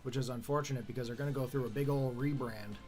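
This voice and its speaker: A man's voice: mid-range voice, steady tone, fast talker, darkish tone. A Canadian man streaming a game live, chatting casually and chuckling often in a self-deprecating way. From Canada, northern New Brunswick. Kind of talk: casual live-stream chat while gaming.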